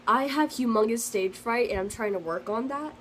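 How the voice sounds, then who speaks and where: A woman's voice: a little high, normal speed, a bit bright, slight background noise, low-quality recording. Chatty teenage girl telling a story. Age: teens. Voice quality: sensitive, earnest storytelling. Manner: rambling, chatty with many fillers and restarts. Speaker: vlogger. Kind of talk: casual storytime vlog.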